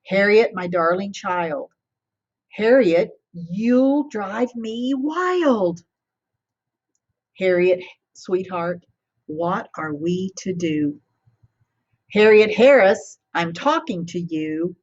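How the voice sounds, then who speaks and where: A woman voicing a gentle, patient mother in a storybook read aloud, with a soft, coaxing sing-song. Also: mid-range voice, animated, drawn-out words, long pauses, muffled recording.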